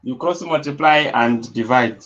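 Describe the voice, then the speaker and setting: A man's voice: medium pitch, unhurried, a bit bright. A man teaching a maths class, talking through each step aloud and checking in with his students. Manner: dictates steps aloud, checks understanding with "yes?". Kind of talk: classroom lecture. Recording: dull lo-fi classroom recording.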